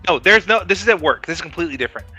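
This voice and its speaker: A man's voice: fairly high pitch, animated, rapid-fire, pushed and bright, faint music behind. A man on a casual podcast, telling stories in a profane, rambling way. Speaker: co-host.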